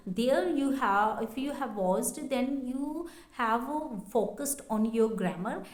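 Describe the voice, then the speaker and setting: Woman tutor, slightly high voice, slow and halting delivery, echoey room. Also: a little mellow. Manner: hesitant, many fillers and repeated phrases. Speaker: English teacher. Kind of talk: casual spoken lesson.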